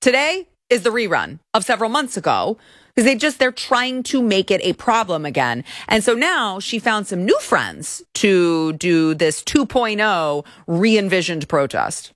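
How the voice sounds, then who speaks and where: A woman hosting a political commentary show, talking in a sarcastic, indignant, animated way. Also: mid-range voice, unhurried, no room sound.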